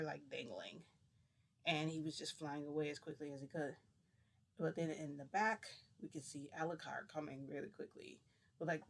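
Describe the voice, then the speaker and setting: Brief: vlogger, mid-pitched adult voice, casual storytime, excitable and rambling, lots of fillers. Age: adult, parent.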